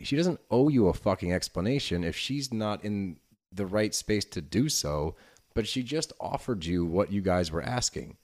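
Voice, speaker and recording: A man's voice: fairly low pitch, expressive, normal speed, a little mellow. A man co-hosting a podcast, recapping a reality show in casual, sweary chat that turns heated. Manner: heated, sweary, laughs easily. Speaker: podcast co-host.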